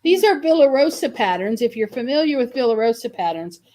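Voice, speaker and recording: A woman's voice: on the high side, big pitch swings, a little fast, warm tone. A woman hosting a live sales video for quilt kits, chatty and enthusiastic, often correcting herself mid-sentence. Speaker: shop host selling quilt kits.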